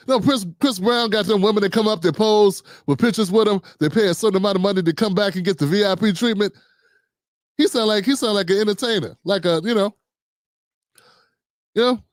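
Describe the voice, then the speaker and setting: A man hosting a livestream and delivering animated, sarcastic commentary. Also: high voice, no echo, clean studio sound. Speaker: show host and commentator.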